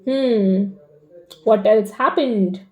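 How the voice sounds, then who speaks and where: A young woman chatting casually in a rambling diary vlog, full of fillers, swinging between animated and flat delivery. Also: mid-range voice, extremely slow, highs cut off. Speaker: vlogger.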